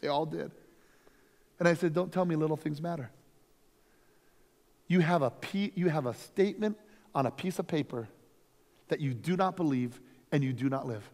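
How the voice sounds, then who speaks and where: A man, a lead pastor, teaching a conference workshop through energetic, emphatic stories. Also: fairly high pitch, normal speed, pauses often. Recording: long reverb from a hall.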